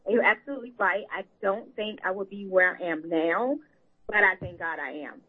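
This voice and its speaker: A woman guest speaks earnestly and from the heart, in loose conversational phrases. Her voice is husky and slightly raspy. She comes through a thin, tinny phone line. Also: mid-range voice, fairly quick. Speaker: author and victim advocate. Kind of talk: guest interview.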